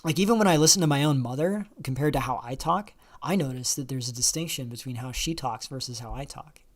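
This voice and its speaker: This livestream host has a medium-pitched voice and speaks quickly. He rambles casually for a long stretch while answering viewers' questions, his speech packed with fillers and restarts.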